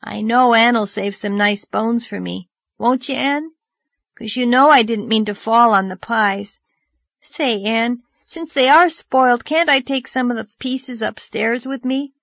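A woman's voice: on the high side, unhurried, gravelly, a bit bright, no room sound, voice pushed up, exaggerated voice. A woman reading aloud, voicing a mischievous little boy who whines and pleads. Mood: pleading. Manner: whining, pleading.

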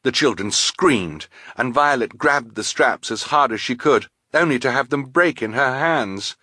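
A man narrating an audiobook with a wry, expressive reading. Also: mid-range voice, a little slow, husky, dry recording, clean studio sound. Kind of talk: scripted narration.

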